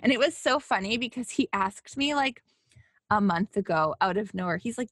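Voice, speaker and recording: A young woman co-hosting a podcast, animated in casual chat and laughing often. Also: mid-range voice, brisk, no room sound, clean studio sound. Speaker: podcast co-host.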